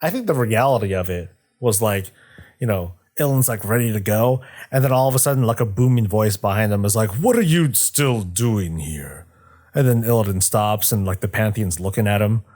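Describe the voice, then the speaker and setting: This young man's voice sits on the low side with a darkish tone as he casually talks game lore on a stream. His telling is rambling and profane, full of jokes and brief acted-out characters.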